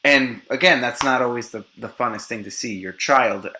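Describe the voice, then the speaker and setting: Bright, animated man telling a story. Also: medium pitch, normal speed. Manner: profane, animated storyteller acting out quoted voices. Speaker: podcast guest. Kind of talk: casual podcast storytelling.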